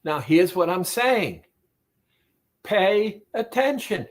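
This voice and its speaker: A man with a fairly high voice speaks to the listener as a weight-loss therapist. He talks slowly and deliberately, leaning on key words. The delivery is that of a direct motivational talk. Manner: slow, emphatic, addresses listener directly.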